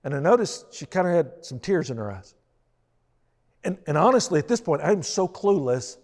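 A man's voice: on the high side, big pitch swings, moderate pace, a little mellow. A man telling a self-deprecating personal story as a pastor, in a storytelling sermon style. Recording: long reverb of a large hall.

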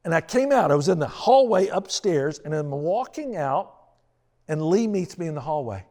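A man's voice: a little high, big pitch swings, normal speed, warm tone. A man telling a self-deprecating personal story as a pastor, in a storytelling sermon style. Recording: long reverb of a large hall.

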